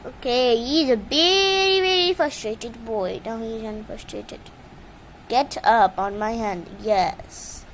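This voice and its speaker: A woman's voice: fairly high pitch, takes it slowly, a little hiss or hum, low-quality recording. A woman filming her pet bird at home on a handheld phone, cooing at it and scolding it in baby talk. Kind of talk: casual phone vlog talking to a pet. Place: indoors at home with a fan on.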